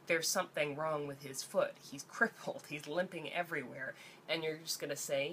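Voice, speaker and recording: A woman's voice: low-pitched, normal speed, a bit bright, a little hiss or hum. A young woman, ranting angrily and sarcastically in a vlog, swearing freely. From Canada. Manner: angry, profane, sarcastic. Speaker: vlogger.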